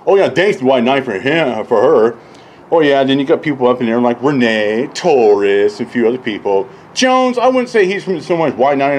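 A man ranting casually and profanely, rambling and mocking others, often laughing and mimicking them in high voices. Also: slight background noise. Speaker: YouTube commentator. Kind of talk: casual rant.

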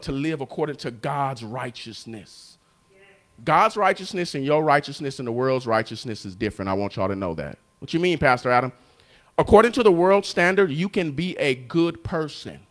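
A male pastor preaching a sermon, telling a story and calling out to the congregation, moving between quiet and loud. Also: mid-range voice. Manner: call-and-response preaching, storytelling, swings from soft to loud.

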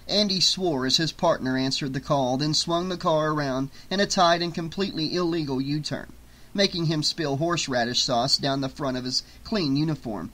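A man reading a novel aloud as an audiobook narrator, at a steady, even pace. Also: fairly high pitch, normal speed, poor audio. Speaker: audiobook reader.

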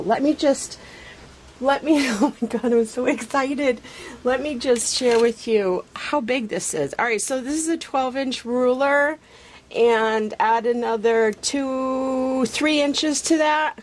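A woman unboxing a package on her craft vlog, gushing with excitement and many fillers. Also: medium pitch, slight background noise, poor audio. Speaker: craft vlogger.

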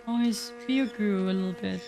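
A woman streamer giving casual, excitable reaction commentary on a game, swearing and laughing often. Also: medium pitch, moderate pace, gravelly. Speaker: gaming streamer. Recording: background music under voice. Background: background music.

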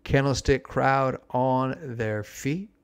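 Gravelly-voiced man telling a story. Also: mid-range voice, slow. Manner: animated, exclamatory storyteller. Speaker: podcast host. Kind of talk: nostalgic storytelling monologue.

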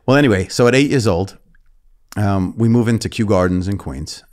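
A man's voice: fairly low pitch, normal speed, darkish tone. A man in his fifties, born in England, with a New York accent, telling stories and joking as a podcast guest. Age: 50s. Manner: storytelling, joking, laughs easily. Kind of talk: casual interview.

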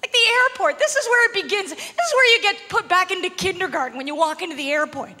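A woman from Canada doing a stand-up comedy set, animated and laughing often as she acts out little voices. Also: very high voice, quick pace. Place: comedy club stage before a live audience. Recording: live hall recording with crowd noise.

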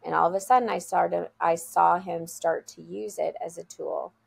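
A woman's voice: fairly low pitch, fairly even intonation, moderate pace, gravelly. A woman school leader, a guest on an interview show, telling a heartfelt story in an earnest, conversational way over a video call. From USA.

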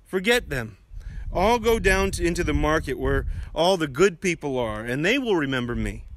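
A man's voice: fairly high pitch, sing-song, normal speed, a bit bright, slight background noise. A man voicing a young male donkey who is proud and hurt, in a children's story, speaking in an indignant, demanding way. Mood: huffy.

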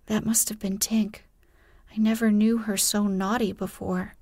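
A woman voicing Peter Pan, a cocky, sly boy who never grows up, in a soft, breathy, hushed storybook reading. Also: medium pitch, level tone, unhurried, dry recording, clean studio sound. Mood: earnest.

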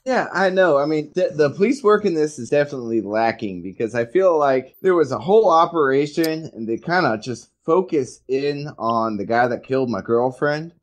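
A man's voice: on the high side, expressive, moderate pace, hardly any pauses. Man making wry jokey asides. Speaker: podcast co-host. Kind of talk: casual recap chat.

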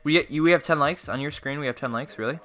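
A young man on a gaming livestream, rambling and cracking jokes to his viewers mid-match. His voice is bright and pushed forward. Faint music plays underneath. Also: fairly high pitch, fast talker. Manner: joking, rambling, talks to chat while playing. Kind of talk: casual gaming livestream chat.

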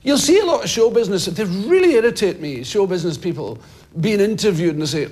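A man in his fifties, a comedian telling stories in a TV interview and bursting into shouted impressions of people in the street. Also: high voice, fast. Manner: lively, swings into loud shouted impressions of people. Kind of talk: animated storytelling in a TV interview. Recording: TV studio with audience and some noise. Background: audience laughter.

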